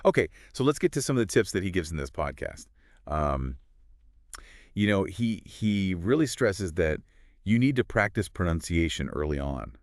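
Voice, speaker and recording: Man co-host, very low voice, dry close sound, relaxed casual talk. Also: normal speed, no echo. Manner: relaxed, conversational, sums up points. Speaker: podcast co-host. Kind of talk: casual chat about pronunciation.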